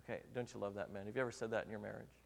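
A man preaching a sermon, telling humorous stories from his own marriage and swinging between loud and soft delivery. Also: fairly low pitch, fairly even intonation, rapid-fire, creaky, a little hiss or hum. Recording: long reverb of a large hall.

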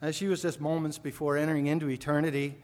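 A man's voice: on the high side, level tone, quick pace. A man from upstate New York preaching a sermon, telling family stories in a folksy way and building to fervent emphasis. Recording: long hall reverb.

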